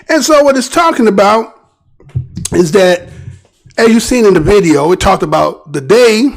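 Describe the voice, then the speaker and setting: American male host with a high, creaky voice; casual, rambling news commentary. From United States. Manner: rambling, conversational, keeps asking "right?".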